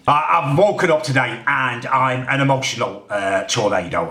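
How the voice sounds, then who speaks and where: Tense, low-voiced vlogger ranting. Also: male voice, sharp tone. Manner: ranting, exasperated, keeps adding "right?". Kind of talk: casual vlog monologue.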